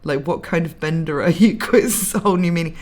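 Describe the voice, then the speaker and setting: A young woman from England with a mildly posh accent chats casually on a stream, reading out viewer comments. Her voice sits on the low side with a darkish tone, and her delivery is brisk. She's giggly and talkative, laughing often between remarks.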